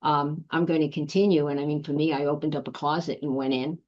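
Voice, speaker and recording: A woman guest speaking reflectively in conversation, pausing with ums. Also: low-pitched, steady tone, a little mellow, lo-fi sound. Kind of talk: casual conversation.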